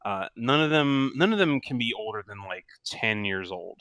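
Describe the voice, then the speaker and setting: A man narrating a tabletop game as game master, in a relaxed and rambling way with many fillers. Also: medium pitch, normal speed, no room sound.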